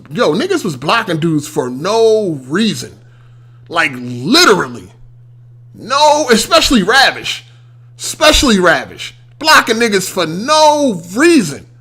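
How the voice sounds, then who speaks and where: A man's voice: sits high, pushed and bright. A young man hosting a podcast, ranting in a heated, casual way, swearing and repeating his points for emphasis. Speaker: podcast host.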